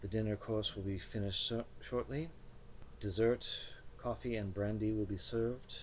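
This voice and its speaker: A man's voice: on the low side, fairly even intonation, unhurried, slight background noise, pitched above the performer's own voice, close to an everyday voice. A man putting on a stern formal German hostess.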